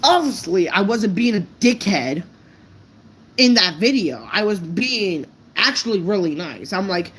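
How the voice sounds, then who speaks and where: A woman's voice: mid-range voice, expressive, a little slow, breathy edge, low-quality recording. A woman vlogger ranting unscripted to her viewers, blunt and profane, stumbling over her words. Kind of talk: unscripted rant to camera.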